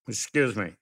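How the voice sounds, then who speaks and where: Slow-talking older man recalling stories. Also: medium pitch, vocal fry, fairly bright tone, slightly rough. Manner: slow, anecdotal, acts out quoted voices. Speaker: interviewee. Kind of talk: oral history storytelling.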